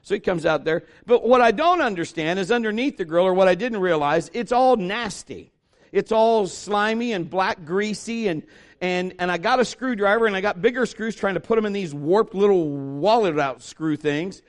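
High-voiced folksy pastor telling a story. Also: male voice, lively intonation, normal speed. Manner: folksy and humorous, acts out voices. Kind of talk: storytelling sermon.

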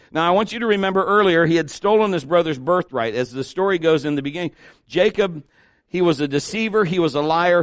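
A middle-aged pastor preaching an animated sermon, acting out the people he quotes. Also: fairly high pitch, dry recording, studio quality.

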